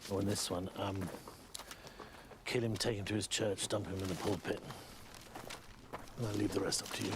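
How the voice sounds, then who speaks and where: An actor playing a cold male secret police chief who gives flat, businesslike orders. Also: fairly low pitch, normal speed, pauses often, noisy background, lightly acted.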